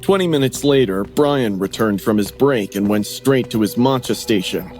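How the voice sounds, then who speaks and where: A man's voice: mid-range voice, animated, normal speed, darkish tone. A man narrating a scripted horror story, acting out the dialogue in raised voices. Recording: music playing under the voice.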